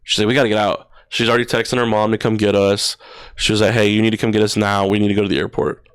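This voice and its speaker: A man's voice: fairly low pitch, little pitch movement, rapid-fire, clear, resonant tone. A young man in his twenties, a podcast guest, telling a personal story in casual slang, full of "bro" and "dude" and swearing. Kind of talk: emotional storytelling. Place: podcast studio.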